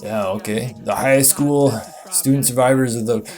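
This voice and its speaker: A man hosting a comedy show, reading a web page aloud with sarcastic commentary and sudden high, excited outbursts. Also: moderate pace, soft background music. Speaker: host.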